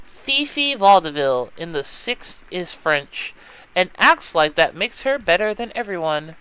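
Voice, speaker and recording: A man narrates a text-based game for his let's play. His voice is high, bright and smooth. He tells the story expressively and with lots of movement in pitch. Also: sing-song, measured pace, low-quality recording. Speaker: let's play host reading a game aloud. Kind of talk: reading interactive fiction aloud.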